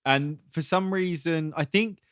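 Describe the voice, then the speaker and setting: A man's voice: fairly high pitch, a little slow, fairly bright tone, dry recording, studio quality. Wry man with sarcastic asides. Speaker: podcast co-host. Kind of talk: casual film recap chat.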